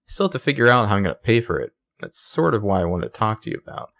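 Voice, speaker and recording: A man recapping a TV episode with a co-host, animated and playful as he acts out each character's lines. His pitch swoops widely and carries a gravelly, fry-laden texture. The talk is loose and profane. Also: fast. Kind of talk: casual chat.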